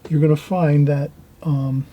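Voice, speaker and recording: A man with a husky, mellow voice guides viewers through a watercolour painting. He talks gently and repeats his advice, often dropping into soft, murmured asides while he works the brush. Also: fairly high pitch, level tone, unhurried. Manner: gentle, repetitive instructing, trailing off into quiet asides while painting. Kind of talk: painting demonstration.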